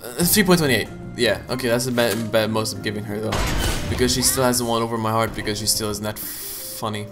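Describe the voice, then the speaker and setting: A man's voice: lowish voice, fast, hardly any pauses. Joking, swearing young man playing a game. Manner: joking, swearing, punning, with sudden loud outbursts. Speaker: let's play gamer. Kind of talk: casual gaming commentary. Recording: game music behind the voice. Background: game music.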